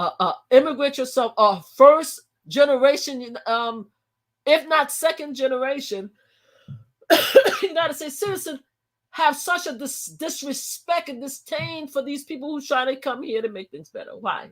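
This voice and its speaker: A woman's voice: fairly high pitch, fairly bright tone. Heated, emphatic New woman. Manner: emphatic and heated, restarts and repeats herself. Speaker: live-stream host. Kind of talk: casual live-stream commentary.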